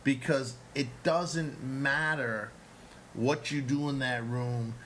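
A man's voice: medium pitch, steady tone, slow pace, a bit bright, slight background noise, rough recording. A man, an actor and comedian, telling a long story in casual chat, acting out the quotes and swearing freely.

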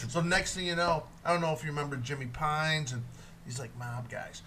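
A man's voice: on the high side, fast talker, sharp tone, a little hiss or hum. A man hosting a podcast, telling crude stories in a rambling, casual way full of restarts. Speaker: podcast host and comedian. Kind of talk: casual profane storytelling chat.

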